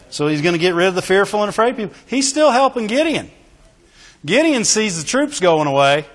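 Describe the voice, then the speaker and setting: A man with a high, lifted voice preaches to his congregation, leaning hard into each point and punctuating it with shouted praise and questions for the room. His words ring out into a large church sanctuary and hang in a long reverb. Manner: emphatic, with call-and-response exclamations. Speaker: pastor. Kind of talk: sermon.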